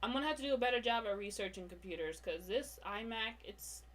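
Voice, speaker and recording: High-voiced chatty woman streaming a tutorial. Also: animated, fairly bright tone, a little hiss or hum. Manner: chatty and self-mocking, laughs often, talks to her slow computer. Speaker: comic artist streaming a drawing tutorial. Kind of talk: casual live-stream tutorial.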